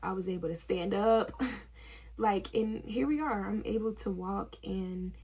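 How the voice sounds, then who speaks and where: Gravelly, husky young woman telling a story. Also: medium pitch, a little slow, darkish tone. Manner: chatty storytelling, laughs often, fills with "like". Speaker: vlogger, nursing student. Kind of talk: casual story-time chat.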